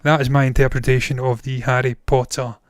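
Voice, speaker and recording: A man's voice: medium pitch, level tone, a little fast, no room sound. A man in his thirties gives blunt, opinionated verdicts and swears without a second thought. His voice sounds tired and strained after a long stream. The sound is close and dry, with no room around it. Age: 30s. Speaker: film reviewer and live-streamer. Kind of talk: casual live-stream chat.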